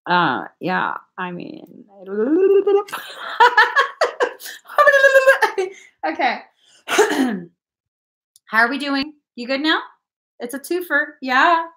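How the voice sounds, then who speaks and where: A woman's voice: high voice, fairly bright tone. A young woman chatting casually on a livestream as a spiritual energy reader, giggly and playful, swearing now and then.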